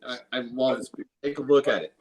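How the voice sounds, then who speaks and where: A man's voice: medium pitch, fast talker, low-quality recording. A man from Illinois hosting a casual beer review, enthusiastic and profane, often repeating his phrases. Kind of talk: casual beer tasting chat.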